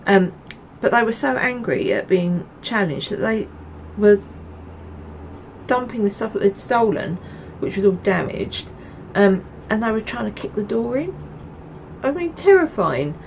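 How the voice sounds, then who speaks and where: A woman's voice: mid-range voice, big pitch swings, a little slow, slight background noise, poor audio. A woman from Essex, hosting a knitting video podcast in a rambling, chatty way with many ums and asides. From Essex, England. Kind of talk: casual chat to camera.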